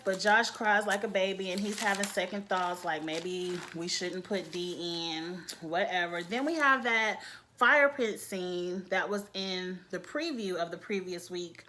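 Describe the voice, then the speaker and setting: Sassy woman recapping reality TV. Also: on the low side. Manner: sassy, animated, quotes cast members. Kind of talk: casual recap commentary.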